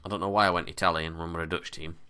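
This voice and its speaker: Man, deep voice, bright and crisp tone, casual game commentary, excitable bursts. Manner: excitable match commentary with quick bursts and sighs. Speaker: gaming commentator. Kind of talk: casual let's-play commentary.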